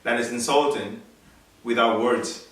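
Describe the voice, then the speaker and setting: A man from Nigeria talks casually, explaining things at length and often breaking into laughs. His voice sits at an ordinary middle pitch. It is picked up from a little way off in a very echoey room. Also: steady tone, a little slow, a bit bright. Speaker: co-host. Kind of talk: casual chat. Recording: echoey room, voice a bit far from the mic.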